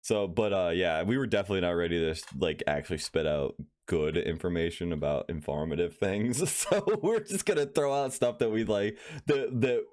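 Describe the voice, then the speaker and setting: Deep-voiced laid-back podcast man. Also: moderate pace, few pauses, darkish tone. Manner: easygoing, laughs often, trails off mid-sentence. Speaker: podcast co-host, aspiring voice actor. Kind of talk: casual chat.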